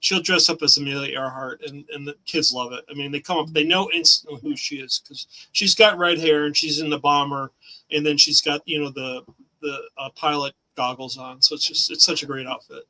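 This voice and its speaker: A man's voice: a little high, fairly even intonation, brisk, pushed and bright, rough recording. A middle-aged man chatting as a guest on a remote talk show, enthusiastic and rambling, laughing often. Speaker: guest comic creator. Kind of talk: casual interview chat.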